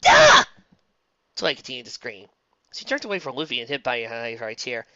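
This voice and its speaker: Low, lively woman reading a fan story. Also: fast, no echo, muffled recording. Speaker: fan fiction reader. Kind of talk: storybook narration.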